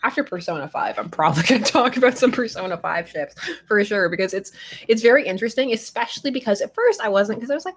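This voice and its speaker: A woman's voice: a little high, animated, fast talker, slightly rough. A woman hosting a casual live stream, chatty and rambling, laughing often as she answers viewers. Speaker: fandom channel host.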